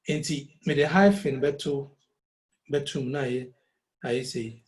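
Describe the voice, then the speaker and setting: A man gives an online music lesson in an unhurried, measured way. He explains each point patiently and mixes in short Twi phrases, his voice at an ordinary middle pitch. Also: low-quality recording. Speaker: music teacher.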